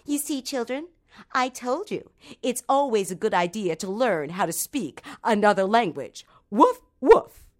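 A woman's voice: fairly high pitch, animated, unhurried. Woman doing a small, scolding mother mouse. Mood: lecturing.

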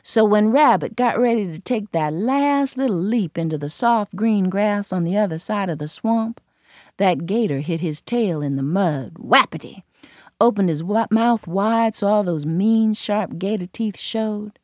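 A woman telling a folktale in a lively, rhythmic way with playful sound words. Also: medium pitch, unhurried, no echo, clean studio sound. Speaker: storyteller. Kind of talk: folktale storytelling.

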